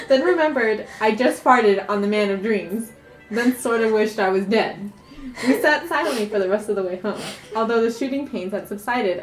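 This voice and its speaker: In a roomy-sounding recording, a woman with a mid-range voice tells a funny story from her own life. She's animated and laughs often along the way.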